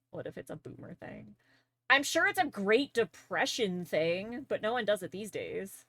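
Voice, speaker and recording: Brief: young Canadian woman, Canadian accent, casual rambling streamer, dry close sound, mid pitch. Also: very animated, measured pace, gravelly, long pauses, bright, forceful tone, dry recording. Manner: rambling, filler-heavy, laughs easily. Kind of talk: casual chat while drawing on stream.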